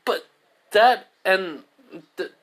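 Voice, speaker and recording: A man's voice: high voice, extremely slow, a bit bright, voice pushed up, full character voice. A man voicing a small male animal who runs a school, in an improvised fan story, speaking in surprised exclamations. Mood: startled.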